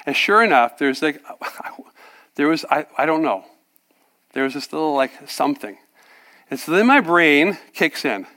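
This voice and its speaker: Animated man telling a personal testimony. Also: a little high, a little slow, long pauses. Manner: animated storyteller, acts out dialogue, laughs often. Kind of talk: sermon testimony.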